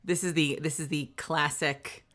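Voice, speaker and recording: A woman's voice: low voice, steady tone, measured pace, fairly bright tone, soft background music. A woman voice actor chatting casually on a live stream, rambling with lots of fillers. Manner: rambling, many fillers, laughs often.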